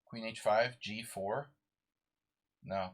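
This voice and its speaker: A man's voice: lowish voice, fairly even intonation, takes it slowly. A sleep-deprived man streaming a live chess game, muttering moves to himself and chatting with viewers.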